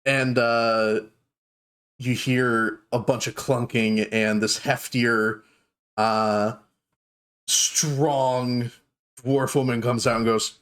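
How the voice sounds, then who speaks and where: A man's voice: medium pitch, level tone, drawn-out words, fairly bright tone. A man narrating a fantasy tabletop game as game master, in a loose, filler-heavy way.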